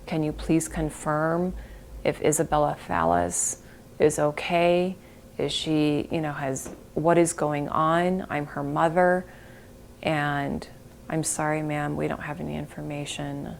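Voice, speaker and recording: A middle-aged woman recalls painful events in an interview, her voice low and gravelly. She speaks slowly and haltingly, breaking off mid-phrase and at times sinking to a whisper. A faint hiss sits under the recording. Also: flat delivery. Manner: halting, breaks off and restarts, sometimes drops to a whisper. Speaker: interviewee, bereaved mother. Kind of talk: emotional interview recollection.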